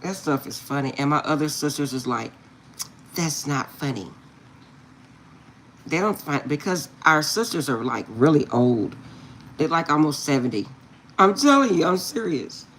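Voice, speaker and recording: A woman's voice: low-pitched, normal speed, a little hiss or hum. A middle-aged woman telling a funny family story to her viewers, laughing often and insisting she is serious. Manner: animated, laughs often, repeats "I'm serious". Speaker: tarot reader.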